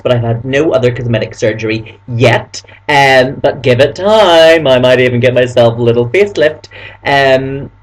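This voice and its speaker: A man's voice: medium pitch, slightly rough. A man with a Northern Irish accent chatting casually and upbeat to his viewers, with frequent fillers. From Northern Ireland. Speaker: vlogger. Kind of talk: casual chat to camera.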